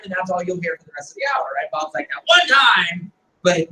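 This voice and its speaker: A man with a high, bright and very animated voice coaches a group, piling up rhetorical questions and tagging points with "right?". He is picked up by a distant mic in an echoey room. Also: slight background noise. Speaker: business coach leading a meeting. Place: meeting room.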